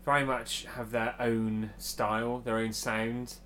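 A man co-hosting a podcast in casual chat, relaxed and chatty as he announces each track. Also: medium pitch, takes it slowly, a little hiss or hum. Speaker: podcast co-host.

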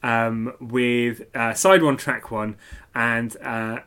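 A man's voice: medium pitch, steady tone, slow pace, fairly bright tone, smooth. A man co-hosting a podcast, chatting casually and enthusiastically about an album with frequent ums and restarts. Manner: chatty, enthusiastic, hesitant with fillers. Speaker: podcast co-host. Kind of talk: casual music review chat.

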